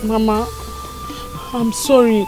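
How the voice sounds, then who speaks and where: An actress with a Nigerian accent playing a distressed, apologetic young daughter. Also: female voice, fairly high pitch, little pitch movement, slow, loud music behind the voice, low-quality recording. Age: young adult. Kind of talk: film drama acting.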